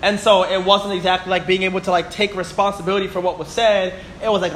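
A man's voice: high-pitched, fairly even intonation, fast talker, hardly any pauses, a bit bright, slight background noise. A man in his twenties teaching a Bible class, chatty and full of stories, often asking "right?" and "you know?". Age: 20s.

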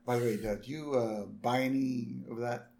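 A man's voice: medium pitch, moderate pace, gravelly, echoey room. A man co-hosting a podcast, casually recapping a cartoon episode and jumping into character voices. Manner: animated, jumps into character voices. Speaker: podcast co-host.

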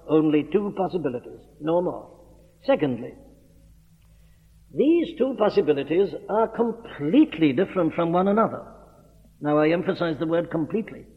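A man delivers an earnest expository sermon, leaning hard on key words and repeating them for emphasis. His voice sits fairly high. The recording is old and tinny, with a long echo from a church hall. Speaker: preacher.

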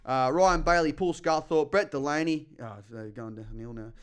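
A man's voice: a little high, normal speed, smooth. A man hosting a casual sports podcast, reading out names and bantering with his guests in a joking way. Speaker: podcast host. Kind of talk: casual chat.

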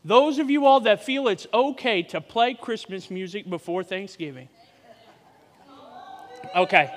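Energetic man preaching in church, forties, playful banter, reverberant hall. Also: very high-pitched, moderate pace. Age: 40s. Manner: joking, energetic crowd banter. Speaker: guest preacher. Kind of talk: sermon with audience interaction.

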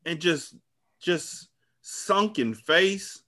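A man co-hosting a casual TV recap podcast, animated and profane, laughing often. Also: fairly high pitch, very slow. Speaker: podcast co-host.

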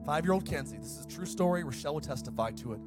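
A middle-aged male pastor preaching a sermon, fired up and shouting at times, then dropping to a soft storytelling voice. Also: on the high side, animated, very fast, over loud music.

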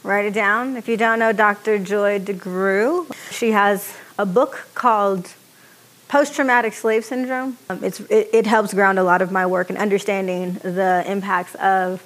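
A woman's voice: medium pitch, steady tone, a little slow, fairly bright tone. A woman leading a workshop, speaking conversationally and asking the audience rhetorical questions. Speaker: workshop facilitator. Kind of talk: lecture to an audience.

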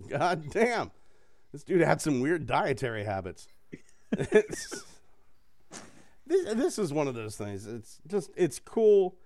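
A man's voice: a little high, slow pace, long pauses. A man hosting a casual chat, swearing freely and laughing as he tells stories. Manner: profane, laughing, animated storytelling.

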